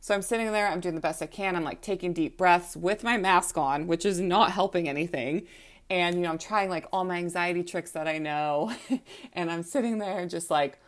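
A young adult woman telling a personal story in a casual, chatty way, with frequent "like" fillers and acted-out quotes. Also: lowish voice. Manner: chatty, heavy use of "like", acts out quotes.

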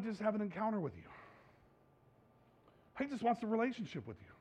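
A man preaching a sermon in church, conversational and animated, repeating phrases for emphasis, recorded on a dull lo-fi recording. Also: sits high, brisk, pauses often, husky. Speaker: pastor.

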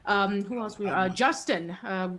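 A woman's voice: medium pitch, measured pace, a bit bright, slight background noise. A woman hosting a reunion panel on a video call, friendly and a bit hesitant, who often laughs. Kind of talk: casual moderating on a group video call.

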